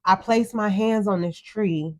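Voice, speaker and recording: A woman's voice: mid-range voice, a little slow. A middle-aged woman telling an emotional story of a crash as a podcast co-host, earnest and close to tears. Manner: earnest, tearful retelling, quotes herself.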